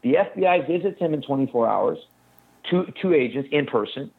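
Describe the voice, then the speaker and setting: A man telling a detailed story in a fast, urgent way as a guest in an interview. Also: medium pitch, animated, creaky, breathy edge. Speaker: guest recounting an incident. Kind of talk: phone-in interview account. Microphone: telephone. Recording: tinny phone line.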